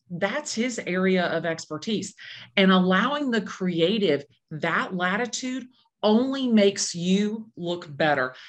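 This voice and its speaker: A woman in her fifties, a real estate agent, chatting in an interview and acting out the people she quotes. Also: medium pitch. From Atlanta, Georgia. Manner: animated storyteller acting out quotes. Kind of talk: casual interview chat.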